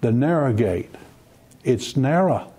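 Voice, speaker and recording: A man preaching a broadcast sermon, earnest, repeating words and slowing down to stress his points. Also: mid-range voice, expressive, warm tone, husky. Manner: earnest, repeats words, slow emphatic phrasing.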